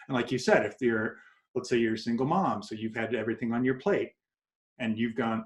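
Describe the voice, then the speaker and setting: A man giving advice as a guest in an interview, animated and acting out quoted voices as he tells stories. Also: medium pitch, fairly quick. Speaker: guest coach. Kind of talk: casual interview talk. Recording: echoey room.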